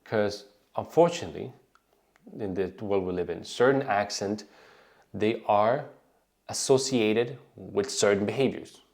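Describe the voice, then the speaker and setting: A man's voice: on the low side, unhurried, creaky, a little mellow. Swedish-accented man giving casual advice. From Sweden. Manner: conversational, frequent "right?" tags and restarts. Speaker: online business coach. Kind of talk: casual advice talk to camera.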